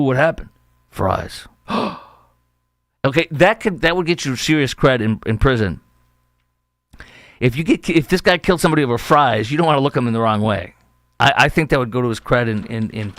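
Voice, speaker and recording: There's no echo on this brisk, medium-pitched male voice. It belongs to a middle-aged podcast host from the Chicago area whose opinion monologue covers news stories, told in a chatty, animated way with quotes performed aloud.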